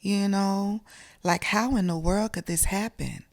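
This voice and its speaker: A woman's voice: medium pitch, measured pace, darkish tone. A middle-aged woman, from South Carolina, telling a personal story as an interview guest in an emotional, earnest, conversational way.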